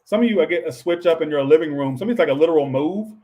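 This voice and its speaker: A man's voice: fairly high pitch, lively intonation, rapid-fire, dark tone. A man giving a casual tarot reading to his viewers, rambling and offhand, with frequent swearing and asides to chat. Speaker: tarot reader.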